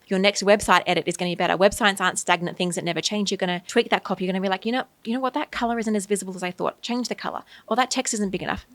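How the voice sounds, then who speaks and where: A woman in her thirties with an Australian accent, hosting a podcast in an energetic, emphatic and encouraging way. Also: medium pitch, no echo. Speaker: podcast host, graphic designer. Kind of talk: casual solo podcast talk.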